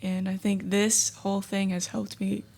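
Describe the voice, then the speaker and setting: A woman co-hosting a student podcast, shy and soft-spoken as she asks questions. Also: mid-range voice, flat delivery, normal speed. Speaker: student co-host. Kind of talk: casual podcast chat.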